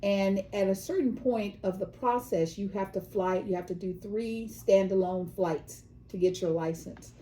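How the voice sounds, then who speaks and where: A woman's voice: medium pitch, mellow, slight background noise, low-quality recording. A woman from California co-hosting a casual chat show, telling news stories and sometimes acting out the voices of the people in them. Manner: storytelling, acts out quoted voices. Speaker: co-host.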